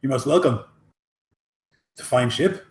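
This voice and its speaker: A man's voice: medium pitch, a little slow, lightly acted. A man voicing a hospitable male townsman at the docks who talks with many hesitant fillers. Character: welcoming male dockside townsman, chatty host. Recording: echoey room.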